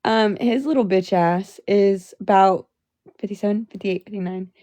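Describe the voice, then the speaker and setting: A woman's voice: medium pitch, moderate pace, warm tone, no echo. A young woman livestreaming from her phone, venting angrily and with a lot of profanity. She talks to her chat and sounds exhausted.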